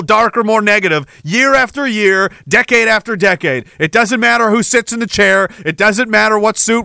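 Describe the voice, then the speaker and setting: Male podcast host, angry profane ranter, sarcastic, pitched high. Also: creaky, pushed and bright, no echo. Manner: sarcastic asides. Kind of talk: livestream rant reading chat messages.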